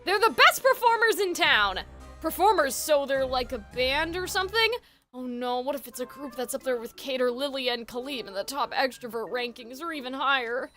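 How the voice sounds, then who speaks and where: Brief: woman as an anxious young male overthinker, quiet and muttering, bright tone. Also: expressive, moderate pace, faint music behind. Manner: low, muttering rant. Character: anxious reclusive young man, gloomy overthinker.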